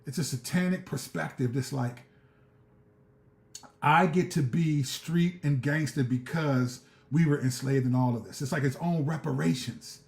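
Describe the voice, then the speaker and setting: A man's voice: fairly high pitch, a little slow, vocal fry, a little mellow, echoey room. A man hosting a live stream, reading scripture and ranting fervently in street slang, often repeating himself. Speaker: show host.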